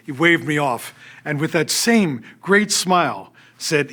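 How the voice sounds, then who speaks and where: An older man who serves as an orchestra's artistic director reads personal stories from a script, speaking slowly in a voice on the high side. He tells them with animation, acting out the voices of the people he quotes.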